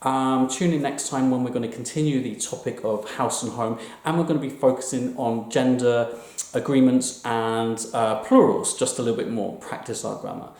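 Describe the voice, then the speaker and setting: A man teaching an online lesson, explaining patiently and slowing down to repeat words clearly. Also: mid-range voice, steady tone, a little mellow, echoey room. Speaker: Spanish teacher.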